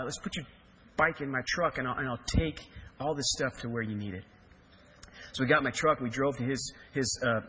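A man's voice: a little high, slightly rough. A man in his forties from Kansas, a pastor telling a story in a sermon with joking asides. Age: 40s. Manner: animated storytelling, jokey asides. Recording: reverberant hall.

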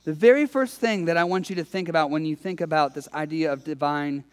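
High-voiced male pastor preaching in a hall. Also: a little fast, clean tone. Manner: storytelling, emphatic, conversational preaching. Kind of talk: sermon.

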